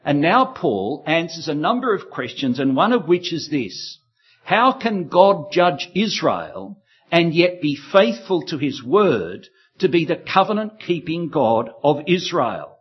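Man, preacher, expository sermon, husky, lively pitch, emphatic rhythmic contrasts, dull lo-fi recording. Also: unhurried.

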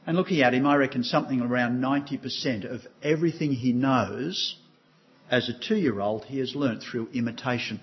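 A man's voice: medium pitch, moderate pace, muffled recording. An older man preaching a sermon as pastor, earnest, often putting questions to his listeners. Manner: earnest, asks the congregation questions.

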